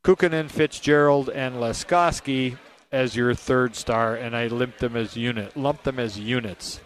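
Man giving relaxed hockey analysis. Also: mid-range voice, measured pace. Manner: relaxed, rambling, chuckling. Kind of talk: post-game radio analysis.

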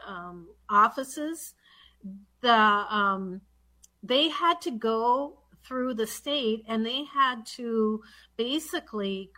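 A woman's voice: mid-range voice, bright, forceful tone. A woman who serves as a state legislator, talking casually with lots of ums and restarts. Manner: rambling with many fillers and restarts. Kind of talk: casual conversation.

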